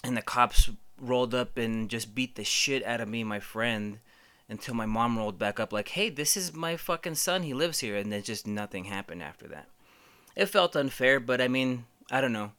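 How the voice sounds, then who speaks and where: A man's voice: lowish voice, moderate pace, pushed and bright, clear, resonant tone. A man hosting a podcast, telling rambling stories casually, swearing a lot and using many fillers. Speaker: podcast host. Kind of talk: casual storytelling.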